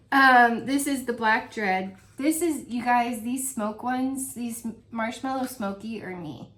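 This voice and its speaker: A woman's voice: fairly high pitch, slow, fairly bright tone. A woman chatting casually in a home review video, gushing and laughing often as she describes her favorite scents. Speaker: wax melt reviewer. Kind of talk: casual product review vlog.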